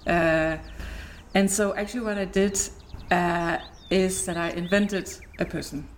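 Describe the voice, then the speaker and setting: A woman's voice: lowish voice, steady tone, unhurried, slight background noise. A woman entrepreneur chatting candidly as a guest in an interview, often laughing as she talks. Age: adult, married. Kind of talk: casual interview chat.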